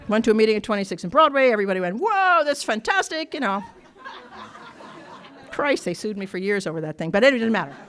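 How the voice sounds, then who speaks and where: A faint crowd can be heard as an Irish woman gives a personal recovery talk to an audience in a workshop meeting room. She's blunt, candid and quick to laugh, with a mid-range voice, lively intonation, a slightly fast pace and long pauses.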